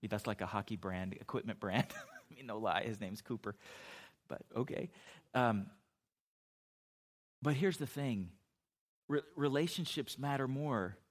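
A man's voice: mid-range voice, measured pace, pauses often. Conversational middle-aged male pastor. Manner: conversational storytelling with frequent restarts and asides. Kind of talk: sermon.

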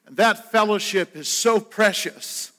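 A man's voice: high-pitched, unhurried, pushed and bright. An older man, a pastor, preaching a sermon in a conversational, earnest storytelling way. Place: church sanctuary. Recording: church hall with long reverb.

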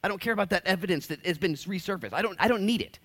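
Energetic man preaching a sermon. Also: high-pitched, very fast. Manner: energetic, acts out voices of people in stories. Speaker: pastor.

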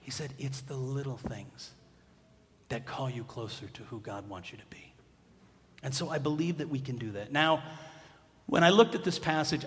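A man preaching a sermon in a church, conversational and joking, rising to loud emphatic bursts. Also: fairly high pitch, big-room sound. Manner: humorous, conversational, builds to loud emphatic peaks. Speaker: pastor. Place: church sanctuary.

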